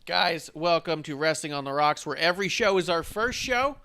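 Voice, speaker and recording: A man's voice: a little high, lively intonation, moderate pace, sharp tone, no room sound, clean studio sound. A young adult man from the United States hosting a casual wrestling podcast, joking loosely and drinking on air. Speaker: podcast host.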